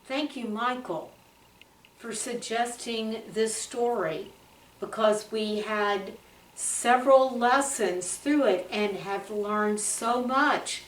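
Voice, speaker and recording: Church-class woman, slow friendly chat, far from the mic in a reverberant room. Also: on the high side, slight background noise. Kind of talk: casual chat. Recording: echoey room, voice from afar.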